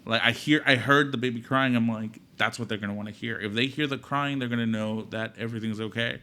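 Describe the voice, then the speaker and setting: A young man co-hosting a podcast, recounting a story in easy conversation. His voice is bright and forward. He tends to act out quotes, leaping up in pitch for them. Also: fast talker. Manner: animated retelling, acts out quotes with big pitch jumps. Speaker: podcast co-host, new father. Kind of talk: casual storytelling chat. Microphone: podcast microphone.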